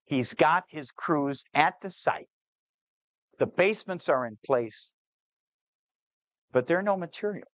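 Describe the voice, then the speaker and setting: A man telling a true-to-life story to an audience, slowing down on key details and voicing the people in it. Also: mid-range voice, fairly bright tone, no echo. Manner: shifts pace, slows on key details, plays the people in the story. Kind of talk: dramatic spoken storytelling.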